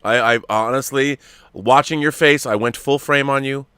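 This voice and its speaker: A man's voice: mid-range voice, moderate pace, sharp tone, clean tone, no room sound, studio quality. A man hosting a casual chat, speaking candidly and conversationally. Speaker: host.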